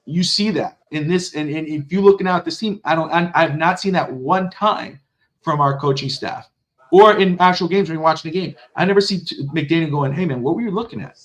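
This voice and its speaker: A man co-hosting a casual sports podcast, animated and cursing, acting out quotes. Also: brisk. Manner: animated, swears, acts out quotes in a high excited voice. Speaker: podcast co-host.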